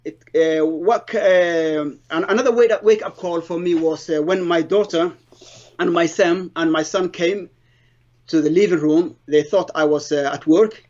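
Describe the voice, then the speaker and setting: Middle-aged guy telling his testimony, slightly high voice, halting and earnest, dull lo-fi sound. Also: darkish tone. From Somalia. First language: Somali. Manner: halting, earnest storytelling with broken English grammar. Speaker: interviewee giving a testimony. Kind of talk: personal conversion testimony.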